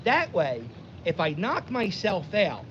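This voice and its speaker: A man tells a rambling, self-interrupting story, fairly high-pitched and very animated. He is recorded outdoors on a lo-fi mic that sounds dull. Clear wind and boat noise sits behind him. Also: takes it slowly. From Philadelphia. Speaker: vlogger. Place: outdoors by the water, windy.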